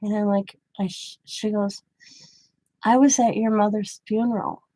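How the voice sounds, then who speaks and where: A woman's voice: mid-range voice, steady tone, a little slow, warm tone, no room sound. Chatty grandmother rambling through a story. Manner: rambling, chatty, quoting others in her own voice. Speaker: craft channel host. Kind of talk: casual storytelling.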